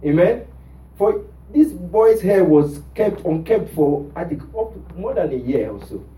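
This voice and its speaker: Male pastor, high mellow voice, call-and-response sermon, roomy church sound from off mic. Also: very animated, unhurried, distant mic. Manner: call-and-response preaching, rhetorical "what?" prompts.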